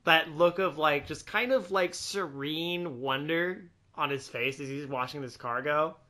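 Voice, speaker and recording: A man co-hosting a casual film discussion, talking with enthusiasm and slipping into quick quoted voices. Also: on the high side, pushed and bright. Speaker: podcast co-host.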